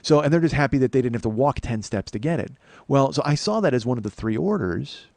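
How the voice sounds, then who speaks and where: A man in his forties rattles through a personal story at a quick clip, swearing freely and voicing each person in it. The sound is dry and close, with no room around him. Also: mid-range voice, darkish tone, no echo. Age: 40s. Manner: profane, heated retelling with acted-out quotes. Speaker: podcast host. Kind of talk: casual storytelling monologue.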